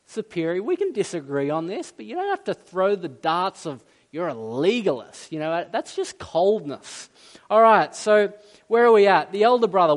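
A man preaching a sermon in a conversational, emphatic way, with asides and a little self-deprecating humor. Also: high voice. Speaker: pastor.

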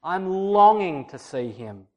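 Storybook boy, eager yet frightened, read softly by a man. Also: sits high, animated, takes it slowly, dull audio. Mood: earnest.

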